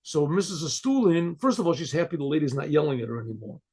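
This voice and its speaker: A man, a rabbi, telling a story in a loose, conversational way. He clears his throat often and restarts his sentences. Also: a little high, lively intonation, quick pace, a little mellow.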